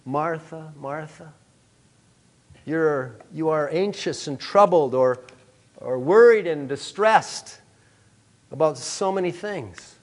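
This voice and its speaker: A male preacher voicing a gentle, loving teacher giving a soft rebuke. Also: a little high, lively intonation, unhurried, long pauses.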